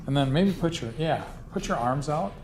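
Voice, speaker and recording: A man's voice: fairly high pitch, expressive, normal speed, crowd noise. A man leading a paranormal investigation, giving directions to his team and calling out commands to spirits inside an old building. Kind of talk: directing a ghost hunt. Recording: echoey with loud background noise.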